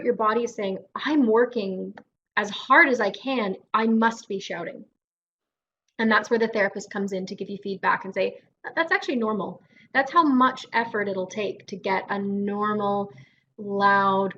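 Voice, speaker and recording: A Canadian speech-language pathologist with a somewhat high, slightly bright voice leads a guided voice exercise class. She is encouraging and demonstrates the vocal drills herself, though the audio is dull with a little hiss or hum.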